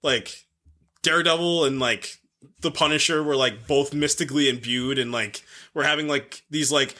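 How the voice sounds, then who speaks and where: A man's voice: on the high side, normal speed, bright, forceful tone. A man co-hosting a podcast in casual chat, rambling and joking with lots of fillers. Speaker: podcast co-host.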